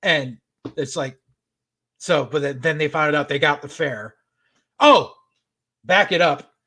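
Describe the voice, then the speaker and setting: High bright-voiced man ranting. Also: slow pace. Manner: profane, animated retelling with acted-out quotes. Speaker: podcast co-host. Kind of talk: casual recap rant.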